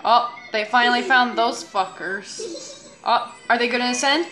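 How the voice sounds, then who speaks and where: A woman's voice: on the high side, unhurried, sharp tone. A young woman reacting to a children's show, swearing and exasperated, with sarcastic commentary. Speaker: reaction video host.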